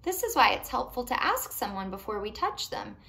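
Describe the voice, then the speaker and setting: A woman reading a picture book aloud to young children, animated and pausing to ask them questions. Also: on the high side, gravelly. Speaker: children's storytime reader.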